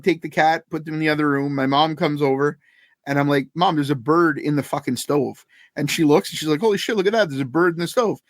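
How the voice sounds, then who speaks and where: A man with a somewhat high voice tells a long, profanity-laced anecdote on a podcast. He acts out lines of dialogue as he goes. The sound is dry and close, with almost no room in it. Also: no echo. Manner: profane, animated anecdote telling. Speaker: podcast co-host. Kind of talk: casual storytelling chat.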